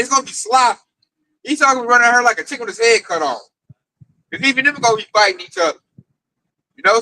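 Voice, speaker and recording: High bright-voiced excitable man preaching. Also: poor audio. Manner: excitable, storytelling with quoted voices. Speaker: camp teacher. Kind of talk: informal religious teaching.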